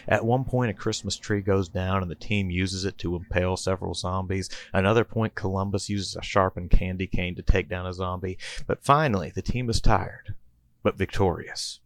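A man's voice: sits low, steady tone, normal speed. A man and podcast host reading out a comedy story in a playful storytelling manner. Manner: playful storyteller, chuckling between bits.

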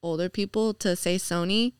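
A woman's voice: lowish voice, fairly even intonation, moderate pace, smooth, no room sound, studio quality. A young woman chatting as a podcast guest, full of fillers, laughing often and slipping into mocking voices. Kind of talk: casual podcast chat.

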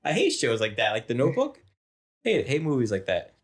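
A man's voice: medium pitch, wildly swooping pitch, a little fast, slightly rough. A man co-hosting a podcast in casual chat, rambling and joking. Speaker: podcast co-host.

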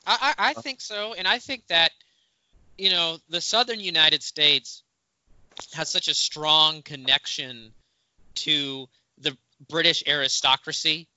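Bright-voiced joking podcast host, dry lo-fi sound. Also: male voice, a little high, unhurried, smooth, no echo. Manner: joking, teasing. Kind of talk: casual podcast chat.

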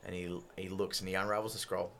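A man's voice: low-pitched, level tone, fast, a bit bright, slight background noise. A man narrating a tabletop game as game master, slipping into character voices.

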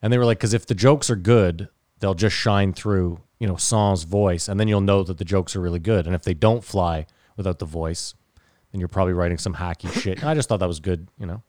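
A man co-hosting a podcast in casual chat, swearing freely and telling stories at a quick clip. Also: sits low, darkish tone, dry recording, studio quality. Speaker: podcast co-host.

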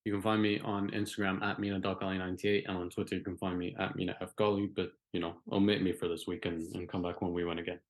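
A man co-hosting a podcast in a low voice, speaking fast in quick, teasing banter. He sounds easygoing and playful. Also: flat delivery. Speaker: podcast co-host. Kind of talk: casual podcast chat.

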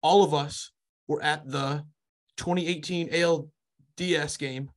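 Brash, profane young man, higher voice. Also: fairly even intonation, unhurried. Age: young adult. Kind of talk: casual podcast chat.

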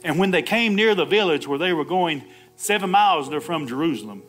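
Lively laughing preacher man. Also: a little high, a little fast, faint music behind. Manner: laughing often, calls "Amen" and acts out Bible dialogue. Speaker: pastor. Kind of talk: Easter sermon.

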